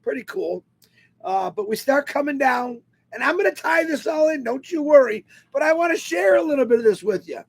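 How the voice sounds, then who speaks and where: A man telling a personal story to an online webinar audience in an animated, emotional way. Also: very high voice, brisk. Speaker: webinar speaker.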